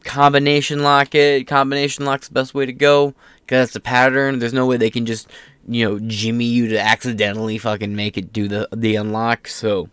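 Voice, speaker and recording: A man's voice: medium pitch, level tone, brisk, fairly bright tone, clean tone, no echo. A man hosting his own solo commentary show, reading news aloud in a casual, rambling, sarcastic way, tripping over words and swearing offhand. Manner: stumbles while reading aloud. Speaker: political commentary host.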